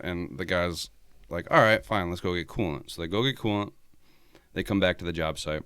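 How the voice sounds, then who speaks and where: A man's voice: deep voice, moderate pace, fairly bright tone, smooth, dry recording. A man guesting on a podcast, telling road-trip stories in a laid-back way, swearing a lot and laughing often. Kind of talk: casual storytelling chat.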